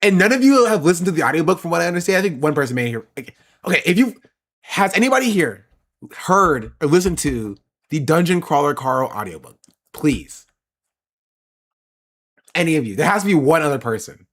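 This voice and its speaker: A male streamer talks casually with his chat, answering questions as they come in. His pitch swings widely, and he laughs a lot and repeats himself to drive a point home. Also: sing-song, a little fast, pauses often, fairly bright tone. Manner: laughs often and repeats phrases for emphasis.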